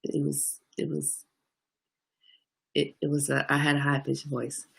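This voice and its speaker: A woman hosting a casual livestream, answering viewer comments by name in an animated way. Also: measured pace. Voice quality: gravelly low voice. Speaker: livestream host.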